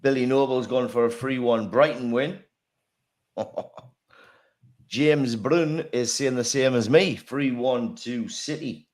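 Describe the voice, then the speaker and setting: A man's voice: medium pitch, takes it slowly, a little mellow. A man hosting a casual football chat, laughing often and swearing freely as he reads out predictions. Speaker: podcast host.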